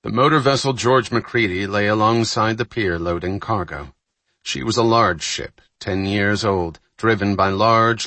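A man narrating a novel in a steady, even storytelling manner. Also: lowish voice, no room sound. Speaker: audiobook narrator. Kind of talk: scripted narration.

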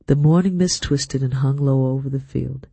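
A man narrating an audiobook in a steady, measured storytelling manner. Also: mid-range voice, gravelly, husky, dry recording. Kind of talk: scripted narration.

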